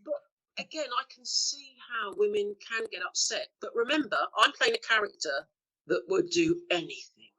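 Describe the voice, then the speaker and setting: A woman's voice: mid-range voice, expressive, moderate pace, pushed and bright, low-quality recording. A woman in her fifties, an actress guest, telling bawdy anecdotes in a chatty, laughing way during a casual interview.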